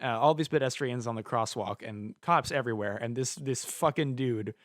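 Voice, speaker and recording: A young man co-hosting a casual podcast, telling an animated story with lots of swearing and laughter. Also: medium pitch, moderate pace, dry recording, clean studio sound. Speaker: podcast co-host.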